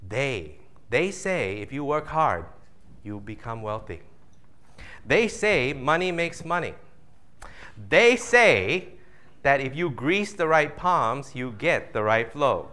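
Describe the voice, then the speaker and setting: Male motivational speaker, live seminar, bright tense voice, playful crowd-work delivery. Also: medium pitch, slow. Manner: animated, jokey, acts out audience voices.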